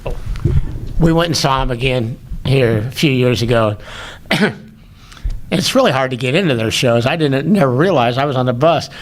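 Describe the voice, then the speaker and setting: A man's voice: medium pitch, normal speed, long pauses. An older man, a former roadie, reminiscing in an easygoing way during a casual interview. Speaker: former rock roadie, guest.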